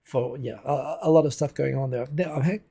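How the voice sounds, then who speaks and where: A man's voice: mid-range voice, a little fast, creaky, warm tone, breathy edge. A man from New Zealand hosting a casual livestream at home on a desk microphone, chatting loosely and answering viewer comments as they come in. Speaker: livestream host. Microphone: desk USB microphone.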